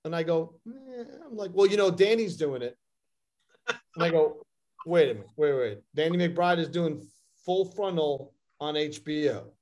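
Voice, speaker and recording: High-voiced man telling a story. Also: normal speed. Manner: animated storyteller, acts out quotes. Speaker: actor guest. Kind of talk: casual interview anecdote.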